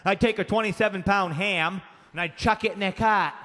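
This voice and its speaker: A man from Maine, speaking with a Maine accent, does rowdy, profane stand-up on a comedy club stage, telling stories in acted-out voices. His voice is high, brisk, bright and forceful. The live club recording carries echoing reverb and faint room noise.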